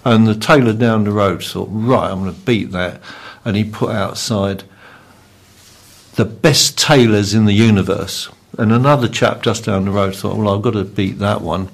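A man hosting a casual gathering, telling an old joke and introducing a report in a hesitant, halting way. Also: lowish voice, steady tone, creaky. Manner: hesitant, halting, full of pauses. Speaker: host. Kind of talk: casual group presenting.

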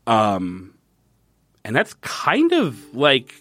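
A man's voice: mid-range voice, extremely slow, no echo. A man co-hosting a casual TV recap podcast, swearing freely and acting out characters' lines. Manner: swearing, animated, acts out quotes. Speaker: podcast co-host.

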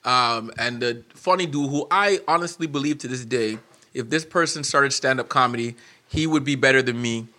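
A man hosting his podcast as a comedian, chatting casually and telling stories with loud laughs. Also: medium pitch, moderate pace. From Canada. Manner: loud, laughing storyteller who acts out voices in jokes. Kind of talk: casual chat.

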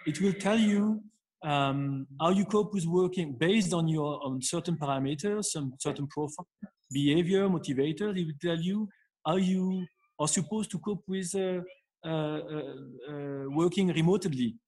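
A man with a manner giving advice in an interview, speaking haltingly with many fillers and restarts. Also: a little high, darkish tone. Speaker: guest expert. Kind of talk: interview answer.

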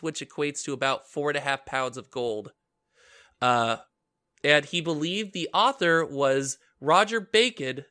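A man's voice: a little high, bright, forceful tone. A man hosting a casual podcast, with a stuffy, nasal voice from congestion, who laughs a lot and trips over hard names. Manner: laughs often, stumbles over names and words. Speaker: podcast host.

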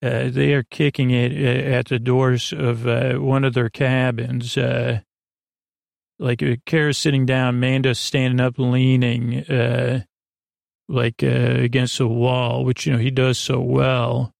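A man hosting a sleepy bedtime podcast, rambling through an episode recap in an unhurried way with lots of fillers. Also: mid-range voice, flat delivery, vocal fry, darkish tone, no room sound, studio quality. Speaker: podcast host.

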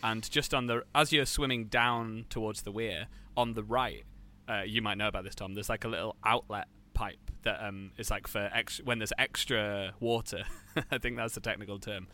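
A man's voice: fairly low pitch, steady tone, normal speed, sharp tone. A man co-hosting a podcast, chatting casually and telling rambling anecdotes. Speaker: podcast co-host. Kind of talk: casual chat.

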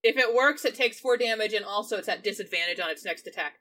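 A woman's voice: mid-range voice, fast, sharp tone, a little hiss or hum. A playful woman playing a tabletop game, laughing often. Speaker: player. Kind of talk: casual tabletop game play.

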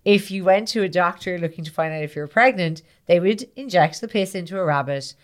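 A woman's voice: lowish voice, brisk. A woman co-hosting a podcast, telling a history story in a chatty, giggly way with little acted-out scenes. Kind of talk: casual chat.

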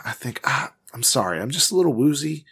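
A man's voice: mid-range voice, big pitch swings, fairly quick, fairly bright tone, husky. A man playing a comic character in a tabletop role-playing game, rambling and hesitant. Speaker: player.

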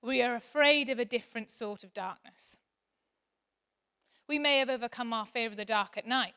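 A woman in her thirties delivering a sermon. Her high, bright voice carries a chatty, animated warmth at times and a soft earnestness at others. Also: moderate pace, long pauses, smooth. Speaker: preacher.

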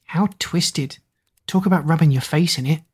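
A spirited teenage girl who asks blunt, curious questions, voiced by a woman. Her voice is low with a husky edge, as heard in a storybook reading. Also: expressive, normal speed, dark tone.

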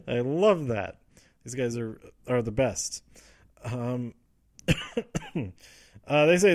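A man's voice: medium pitch, expressive, a little mellow, no echo. A man rambles through a casual recap, stumbling over restarts and fillers. His voice sits mid-range and sounds dry and close to the mic, with no room around it. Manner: rambling, frequent fillers and restarts, quotes wrestlers in quick asides. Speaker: podcast host recapping wrestling.

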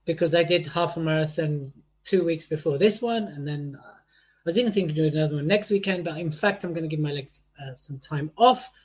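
Man, podcast co-host, animated, teasing, high pitch. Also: brisk. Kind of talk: casual chat.

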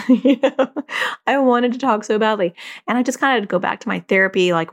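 A middle-aged woman therapist chats casually about parenting, her voice sitting a little low. She tells her stories in an animated way, laughing and slipping into the voices of the people she quotes. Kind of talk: casual advice talk.

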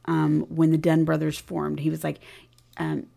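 A woman's voice: deep voice, completely flat delivery, measured pace, creaky, warm tone. A woman co-hosting a podcast, casually recapping a TV episode and retelling scenes with acted-out dialogue. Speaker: podcast co-host.

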